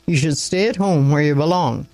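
A man reading the lines of a weary, contemptuous young country doctor who speaks in sharp, clipped phrases. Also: on the high side, moderate pace, no room sound, lightly acted.

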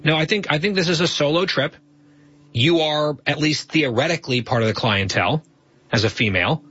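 A man co-hosting a talk show, teasing his co-host in casual comedic banter with a deadpan edge. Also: on the high side, fairly quick, husky, lo-fi sound. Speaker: podcast co-host.

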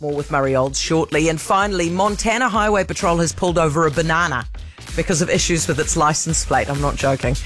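A woman's voice: deep voice, soft background music. Chatty New Zealand radio host woman. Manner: chatty, wry, quick asides. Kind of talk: casual news talk radio.

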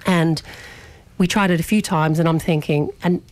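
A young adult woman radio host telling a story in an animated, chatty way, often restarting her sentences. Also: deep voice, moderate pace. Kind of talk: casual storytelling chat on radio.

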